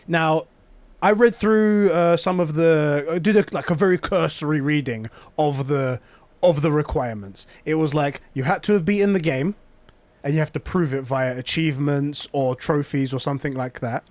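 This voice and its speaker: A man's voice: a little high, moderate pace, dry recording. A man co-hosting a casual podcast, telling a story with lots of energy and acting out the quoted voices. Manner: animated, acts out quoted voices. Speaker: podcast co-host.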